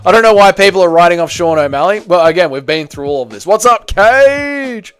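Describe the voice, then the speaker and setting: A man's voice: on the high side, fast talker, clear, resonant tone, no room sound. Bantering Australian man, dry close sound. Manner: joking, bantering, teasing chatters. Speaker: livestream host. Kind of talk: casual livestream chat, reading out viewer comments.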